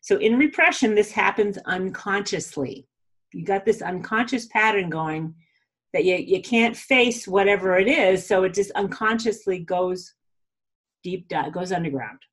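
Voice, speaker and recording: Husky-voiced woman chatting about spirituality, laughs a lot, loose and talky. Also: medium pitch, normal speed, fairly bright tone. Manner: chatty, laughs often, says "you know" and "like". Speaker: spiritual teacher. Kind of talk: casual teaching talk.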